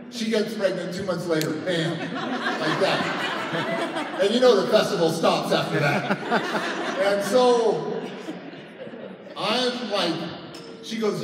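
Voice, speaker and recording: A man in his thirties tells a personal story as a conference speaker, acting out voices with lively laughter. His voice sits high for a man. He sounds far from the mic in a big hall, with long reverb and faint noise behind him. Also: slow pace, pauses often. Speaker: motivational speaker. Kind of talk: storytelling keynote speech.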